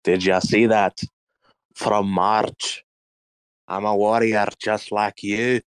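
Man, guest, low voice, playful, jokey put-on accent, dry sound. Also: little pitch movement, slow pace, smooth, no echo. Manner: playful, sometimes puts on a fake accent. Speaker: guest speaker. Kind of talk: casual chat.

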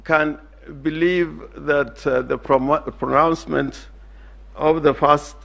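A man with a Kenyan accent, a lawyer making a formal courtroom submission, deliberate and emphatic, with hesitant restarts. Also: fairly high pitch, fairly even intonation, vocal fry, a bit bright.

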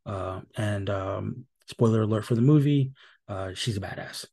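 A man hosts a solo podcast recap, his voice dark and mellow. He talks loosely, with plenty of ums and restarts, and drops dry, wry remarks as he goes. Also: fairly low pitch, normal speed, gravelly, husky. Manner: casual and rambling, many fillers and restarts. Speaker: podcast host.

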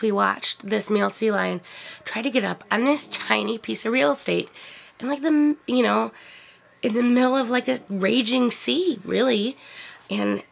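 A middle-aged woman chatting casually about a trip, using lots of fillers and laughing often, with a gravelly, husky voice. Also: on the high side, a bit bright. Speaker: vlogger. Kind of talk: casual storytelling.

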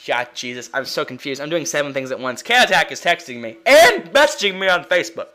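Lively young man rambling over gameplay. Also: on the high side, fast. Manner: rambling, excitable, swears and laughs often. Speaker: let's play gamer. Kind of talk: casual gameplay commentary.

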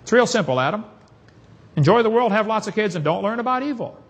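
A man's voice: high-pitched, lively intonation, fast, breathy edge. A man giving a preaching seminar talk in a folksy, emphatic way, chuckling at his own jokes. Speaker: creationist speaker.

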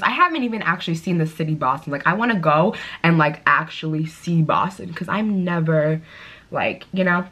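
Young woman, chatty get-ready-with-me talk, bubbly, lowish voice. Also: fairly bright tone. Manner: chatty, bubbly storytelling with lots of fillers. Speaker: beauty vlogger. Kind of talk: casual chat while doing makeup.

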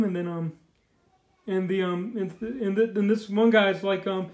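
A man's voice: sits high, little pitch movement, a little fast, a little mellow. A man casually reviewing a comic book, rambling loosely and filling his talk with "you know" and "like". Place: indoors. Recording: echoey room.

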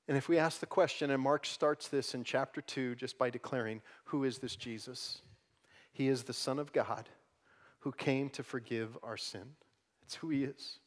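A man preaching a sermon as pastor, dropping to soft, hushed lines and then building to loud, emphatic passages. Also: medium pitch. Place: church sanctuary.

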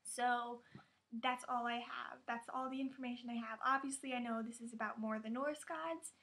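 High-pitched woman vlogger, chatty and excitable, laughs a lot. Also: normal speed. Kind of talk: casual reaction vlog.

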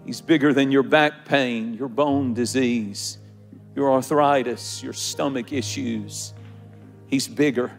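Emotional pastor preaching with soft music. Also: male voice, mid-range voice, steady tone, slow, creaky. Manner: repetitive preaching cadence, building emphasis. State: emotional, near tears. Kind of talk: sermon. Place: large church auditorium, live congregation. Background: faint music.

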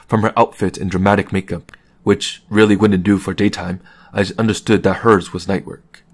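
A man reading a novel aloud as an audiobook in a calm, measured narration. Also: deep voice, breathy edge. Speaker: audiobook reader.

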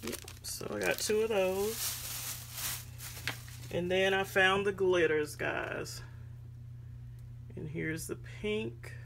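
Chatty craft vlogger woman, gravelly voice. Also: medium pitch, steady tone, slow pace, long pauses, a bit bright, a little hiss or hum. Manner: chatty, addresses viewers as guys, many ums. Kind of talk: casual show-and-tell chat. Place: home craft room.

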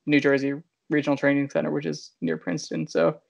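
A man's voice: on the high side, expressive, fast, vocal fry. A man co-hosting a casual podcast, chatting in an easygoing, dry way. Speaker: podcast co-host. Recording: dull lo-fi podcast mic.

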